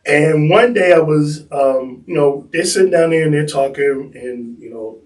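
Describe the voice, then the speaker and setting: A man who works as a tour guide, telling stories in an animated way and acting out the people he quotes. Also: fairly high pitch, normal speed, recorded from a distance, rough recording. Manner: acts out the people he quotes in bursts. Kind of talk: animated storytelling.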